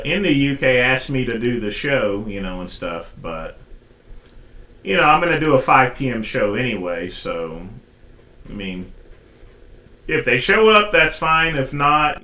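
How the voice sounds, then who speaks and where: A man hosting a casual reaction show, talking with sarcastic, mocking asides. His voice is bright and sharp and swings widely in pitch. He is recorded in an echoey room. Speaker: host.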